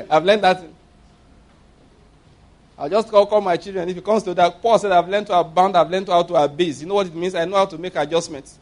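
A man with a Nigerian English accent preaches a sermon in a fairly high voice. He tells stories with emphasis and laughs often as he makes his points. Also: steady tone, a little fast, long pauses.

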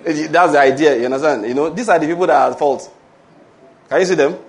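High-voiced Nigerian pastor preaching. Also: male voice, quick pace, a faint crowd. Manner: emphatic, call-and-response with congregation. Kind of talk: sermon.

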